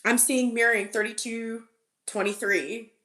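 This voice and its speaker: A woman's voice: fairly high pitch, fairly even intonation, measured pace, a bit bright. A woman giving a casual live tarot reading, chatty and full of "like", laughing often and repeating her messages insistently. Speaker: tarot reader and channeler on a live stream. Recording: roomy echo.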